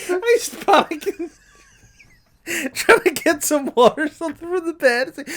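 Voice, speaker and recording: A man co-hosting a podcast, telling a story in casual chat and laughing through it. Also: unhurried. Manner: laughs through his stories, swings high when excited. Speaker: podcast co-host.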